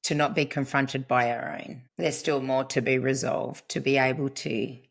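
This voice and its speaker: A woman's voice: extremely low pitch, steady tone, moderate pace, vocal fry. A middle-aged woman, a podcast guest, speaking earnestly in a reflective conversation and quoting what she once said. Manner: earnest, storytelling, quotes herself. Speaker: podcast guest, family constellations practitioner.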